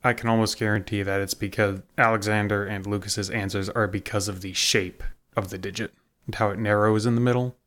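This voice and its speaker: A man with a fairly low voice talks through an idea on a casual podcast. He builds his explanation slowly and restarts his sentences as he goes. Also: steady tone, fairly bright tone. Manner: explains carefully with hesitant restarts. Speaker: podcast co-host. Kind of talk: casual chat.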